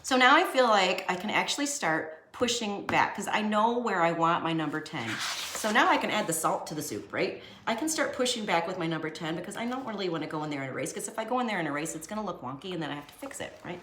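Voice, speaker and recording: A woman's voice: on the low side, expressive, fast, a bit bright, slight background noise. A young woman teaching a casual drawing lesson, chatty and joking with herself as she shades. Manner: chatty, jokey, talks to herself while drawing. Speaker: art teacher. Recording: echoey room.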